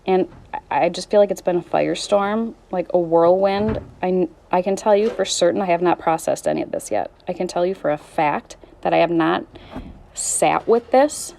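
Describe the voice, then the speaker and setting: A woman's voice: fairly low pitch, a little fast, gravelly, dark tone, a little hiss or hum. A woman in her thirties talking candidly in a personal vlog, weary and struggling, rambling and trailing off mid-thought. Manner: raw, rambling, restarts and trails off. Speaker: vlogger.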